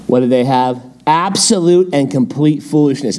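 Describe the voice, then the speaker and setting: A male pastor teaching a midweek Bible study, animated, firing off rhetorical questions and quips. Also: mid-range voice, normal speed.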